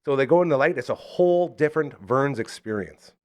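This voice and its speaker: A man's voice: mid-range voice, animated, brisk. A man hosting a live local podcast, chatting casually and rambling through enthusiastic sponsor plugs. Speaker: podcast host.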